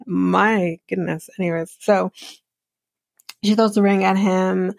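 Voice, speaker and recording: A woman's voice: mid-range voice, fairly even intonation, takes it slowly, vocal fry, dry recording. A woman podcast host giving a casual, blunt and sarcastic recap of a reality show, swearing freely. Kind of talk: casual commentary.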